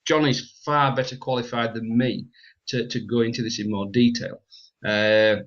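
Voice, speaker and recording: A man's voice: mid-range voice, fairly even intonation, moderate pace. A man co-hosting a casual business chat, rambling and repeating words, laughing often. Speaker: podcast co-host. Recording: slightly dull lo-fi sound.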